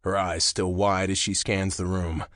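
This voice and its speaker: A man narrating a romance audiobook in the first person, with a slow, low and intimate delivery. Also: little pitch movement, a bit bright, dry recording, clean studio sound.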